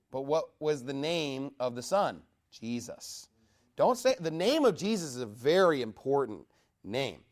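A man preaching a verse-by-verse Bible sermon, emphatic, asking his listeners questions and rising in force to stress his points. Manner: emphatic, asks the congregation questions; rises in pitch and volume when stressing points.

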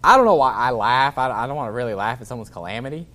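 A man preaching a sermon in a relaxed, informal way, chuckling often and breaking off to restart his sentences. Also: mid-range voice. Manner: reads scripture in a slower, formal cadence. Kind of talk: sermon with scripture reading.

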